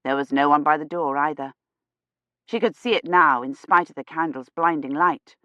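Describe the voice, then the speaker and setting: A woman narrating an audiobook in a hushed, suspenseful storytelling manner. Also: low voice, moderate pace, no room sound, highs cut off. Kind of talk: scripted narration.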